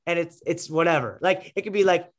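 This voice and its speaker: A young former wrestler, guesting on a podcast, tells stories in a rambling casual conversation full of fillers and restarts. His voice is a little high and fairly quick.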